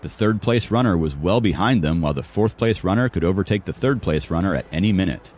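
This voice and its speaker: A man's voice: low voice, lively intonation, fast talker, darkish tone, a little hiss or hum. A man narrating an audiobook in a dramatic storytelling manner. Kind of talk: scripted narration.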